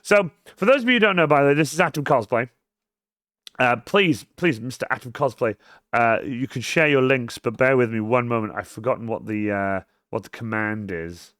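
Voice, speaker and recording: A man hosting a cosplay live stream, rambling and swearing freely, swinging between mumbles and loud outbursts. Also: medium pitch, moderate pace, clear, resonant tone, no echo, clean studio sound. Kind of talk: casual live-stream chat.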